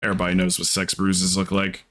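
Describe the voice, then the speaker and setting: A man's voice: low-pitched, completely flat delivery, fast talker, a bit bright. A young man livestreaming, chatting casually and rambling through a story while acting out the people in it. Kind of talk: casual stream chat.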